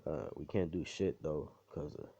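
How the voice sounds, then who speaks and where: A man's voice: extremely low pitch, normal speed, dark tone, highs cut off. A man voicing a young schoolgirl, talking in a hesitant, casual way. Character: young schoolgirl, nervous then sweet.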